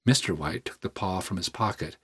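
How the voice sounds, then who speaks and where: A man reads a story aloud in a measured, even way. His voice is low and a little husky. The telling stays calm and steady. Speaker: narrator. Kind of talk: audiobook reading.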